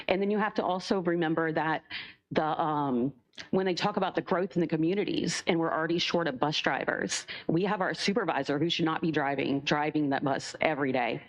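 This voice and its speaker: Young woman, shaky and emotional public commenter, slightly low voice, muffled recording. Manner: nervous, emotional, many fillers. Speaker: public speaker, school bus driver. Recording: dull lo-fi meeting recording.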